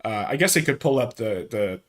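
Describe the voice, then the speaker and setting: A man's voice: medium pitch, lively intonation, brisk. A man streaming, reacting to a call-in argument with loose, amused commentary. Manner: amused, loose, laughs often.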